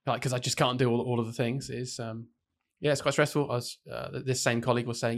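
A man's voice: medium pitch, fast talker. A man, co-hosting a podcast as a year six teacher, making dry, wry remarks in casual chat.

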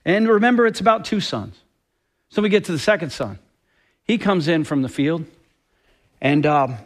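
A man's voice: a little high, very animated, a little slow, long pauses. A man preaching a sermon with passion and emphasis, often acting out quoted dialogue. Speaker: pastor.

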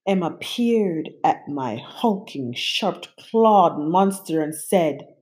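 Animated woman reading a picture book. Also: lowish voice, takes it slowly. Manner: animated, playful. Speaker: storybook reader.

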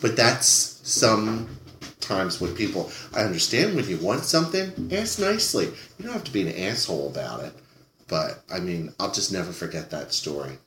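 Deep-voiced and speaking at an ordinary pace, a podcast guest recounts a run-in with a rude customer back when he waited tables. He plays out each character with lively energy and plenty of swearing, in an echoey room with slight background noise.

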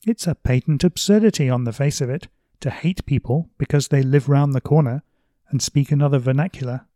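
A calm, moderate middle-aged everyman , read aloud by a man makes his case in an earnest, reasoned way. The voice is lifted above a plain speaking tone but stays measured. The sound is dry and close. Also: medium pitch, no room sound, lightly acted. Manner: earnest, reasoned, raised reading voice. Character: mild philosophical middle-aged male everyman. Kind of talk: reading a novel passage aloud.

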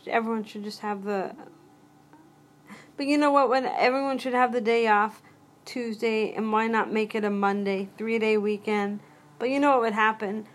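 A chatty woman hosting a solo podcast, her voice a bit higher than most. She rambles from thought to thought and breaks off her own sentences with quick asides. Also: fairly even intonation. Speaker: podcast host. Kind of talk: casual solo podcast talk.

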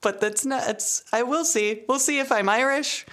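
A woman's voice: on the high side, normal speed, fairly bright tone. A woman co-hosting a podcast in casual chat, wry and self-deprecating. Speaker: podcast co-host.

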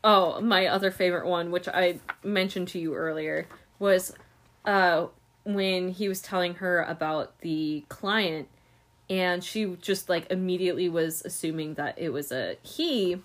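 Gushing, giggly woman with a lowish voice. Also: unhurried, fairly bright tone. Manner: gushing, giggly, rambling with fillers. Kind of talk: casual chat about books.

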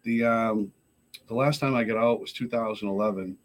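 A man's voice: fairly low pitch, steady tone, normal speed. Rambling, profane man. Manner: rambling, profane, frequent 'you know'. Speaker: guest in recovery. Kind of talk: casual storytelling.

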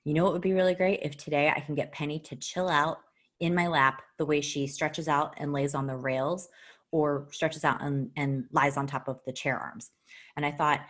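A woman co-hosting a casual talk show, chatty and giggly, swearing freely and jumping into bursts of excitement. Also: low-pitched, moderate pace. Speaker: podcast co-host. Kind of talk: casual chat.

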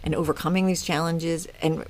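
Low-voiced earnest mother in her fifties. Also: level tone, a little fast. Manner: earnest, reflective, many restarts and laughs. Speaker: guest, mother of the host. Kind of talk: casual podcast conversation.

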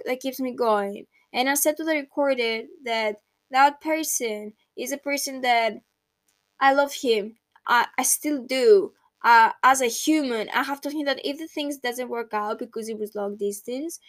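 A young woman with a high, light voice talks alone into the mic for her podcast. Her words wander, heartfelt and reflective, circling back with restarts. The sound is close and dry, with no room around it. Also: fairly bright tone, dry recording. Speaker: podcast host. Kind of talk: casual solo podcast monologue. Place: at home at night.

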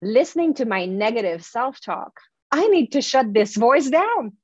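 A woman with a French accent, a guest on an interview, telling animated, expressive stories with frequent restarts. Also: fairly high pitch, moderate pace, husky, no echo, dull audio. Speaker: guest, confidence speaker. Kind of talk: casual interview storytelling.

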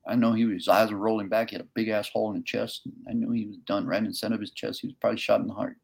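A man with a rough, gravelly voice speaks with earnest conviction. He tells a gripping personal story, then lays out his political plans with building intensity and punchy repetition. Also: lowish voice, fairly even intonation, very fast. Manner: earnest, impassioned, rises to near-shouting. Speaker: congressional candidate. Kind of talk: emotional storytelling and campaign pitch.

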